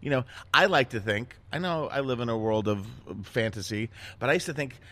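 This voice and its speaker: A middle-aged man hosting a casual chat, telling self-mocking stories in a lively, animated way. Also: mid-range voice, brisk. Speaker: host.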